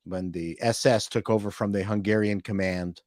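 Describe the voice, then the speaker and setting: A man's voice: fairly low pitch, steady tone, normal speed, darkish tone, no echo, studio quality. A man chatting as an interview guest, rambling through stories with many fillers. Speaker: guest, former TV executive. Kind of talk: casual interview chat.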